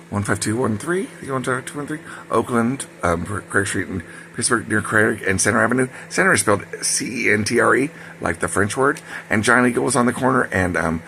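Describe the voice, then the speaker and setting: A man's voice: fairly low pitch, sharp tone, a little hiss or hum. A man telling a personal story in a casual, rambling way, full of fillers and side remarks. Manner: rambling, digressive, many fillers and asides.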